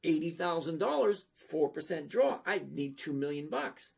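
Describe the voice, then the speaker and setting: Gravelly blunt man in his sixties. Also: on the high side, very animated, moderate pace, darkish tone. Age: 60s. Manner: blunt, rambling, reads chat aloud. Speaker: trading channel host. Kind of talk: casual livestream talk.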